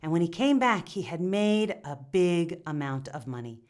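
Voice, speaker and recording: A woman's voice: fairly low pitch, very animated, normal speed, a little mellow, pitched below the performer's own voice. A woman voicing a humble young village man who confesses his guilt earnestly and stumbles over his words. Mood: remorseful. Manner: confessional, stammering with restarts.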